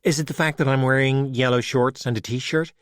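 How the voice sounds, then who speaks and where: A man's voice: mid-range voice, steady tone, a little fast, a bit bright, smooth, dry recording, studio quality, natural voice. A man voicing a spirited teenage Irish girl detective, insistent and wry. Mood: irritated.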